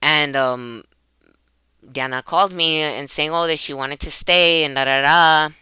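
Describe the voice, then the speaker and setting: A woman's voice: low-pitched, unhurried, bright, forceful tone, smooth, no echo. A woman in a personal vlog, speaking emotionally into a computer webcam, rambling and often restarting or repeating herself. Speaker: YouTuber.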